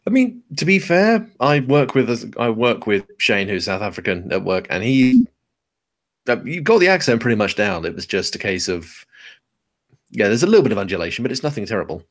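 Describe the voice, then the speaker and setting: A man's voice: lowish voice, sing-song, brisk. A man in casual podcast chat, easygoing and self-deprecating.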